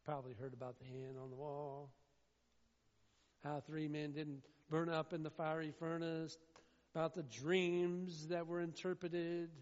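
A man preaching a sermon, swinging between loud, emphatic declaiming and quieter asides. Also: on the high side, flat delivery, a little slow. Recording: dull sound in a reverberant hall.

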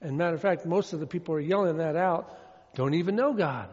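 A man's voice: a little high, fast, a little mellow. A man preaching a sermon in a folksy style, repeating his points and drawing out the verses he quotes. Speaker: pastor. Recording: long reverb, dull lo-fi sound.

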